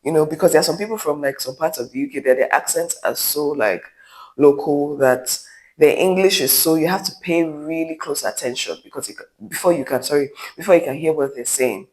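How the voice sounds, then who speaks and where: A man's voice: on the high side, fairly quick, low-quality recording. A man from Nigeria with a Nigerian accent, giving his opinions in a vlog in a candid, emphatic way with rambling asides. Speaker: vlogger.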